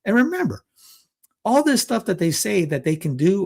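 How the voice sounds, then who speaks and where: A man with a fairly high voice runs through news headlines in a loose, casual way. He stops often to add sarcastic remarks and little laughs. His talk is full of fillers and restarts. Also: big pitch swings, normal speed, gravelly. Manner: reads headlines aloud, then adds sarcastic asides with chuckles; frequent restarts and filler words. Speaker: political commentary host. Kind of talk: casual news rundown commentary.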